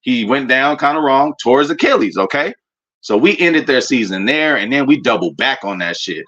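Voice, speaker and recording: A man's voice: mid-range voice, normal speed, highs cut off. A man on his own show, ranting about his team in loose, profane banter that jumps from gloating to griping. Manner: animated, profane, rambling fan banter. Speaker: sports fan commentator. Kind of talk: casual fan rant.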